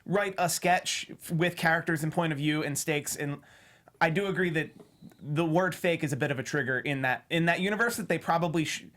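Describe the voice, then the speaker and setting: Halting man making a measured point. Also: a little high, fairly bright tone. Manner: halting, measured, restarts often. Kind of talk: casual podcast chat.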